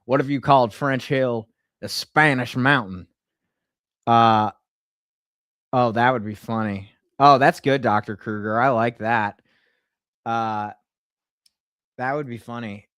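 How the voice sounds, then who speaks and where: Man, live-stream chat, excitable, gleeful, swears a lot, mid pitch, dry close sound. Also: slow pace, long pauses, clean tone, dry recording. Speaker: streamer and prank caller.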